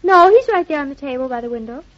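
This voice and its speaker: An actress playing an affectionate, gushing young wife in vintage radio drama style. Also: female voice, high-pitched, expressive, fast talker. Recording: dull lo-fi old recording.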